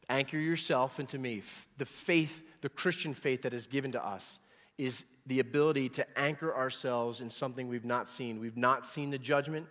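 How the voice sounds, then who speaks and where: A man in his forties preaching a sermon, emphatic, repeating words and rising loud on key points. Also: mid-range voice, normal speed, big-room sound. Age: 40s. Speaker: pastor.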